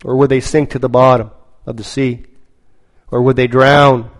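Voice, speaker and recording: A man preaching a sermon, telling a story slowly and dramatically, with lots of repetition. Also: medium pitch, flat delivery, poor audio.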